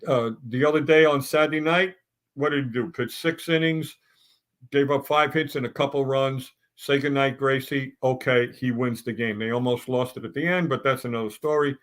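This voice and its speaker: A man's voice: mid-range voice, steady tone, normal speed, a bit bright. A middle-aged man on a sports talk round table, ranting bluntly and stumbling through restarts as he builds his points.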